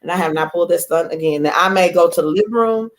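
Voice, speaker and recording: A woman guest telling a lively personal story in casual chat, acting out quoted lines. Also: on the low side, fast. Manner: animated, acts out quoted voices. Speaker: guest author.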